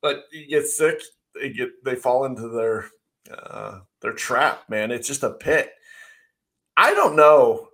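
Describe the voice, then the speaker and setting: A man holds forth on a casual talk show, blunt and heated, laughing now and then. His voice sits in an ordinary middle pitch. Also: big pitch swings, slow, pushed and bright. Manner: blunt, ranting, laughs often. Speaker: podcast co-host. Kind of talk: casual opinionated chat.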